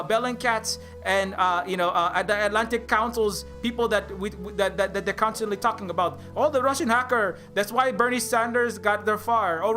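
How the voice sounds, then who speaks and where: A man's voice: high voice, bright, forceful tone. A man voicing a mocking caricature of a Western pundit, in an exaggerated, sneering sing-song.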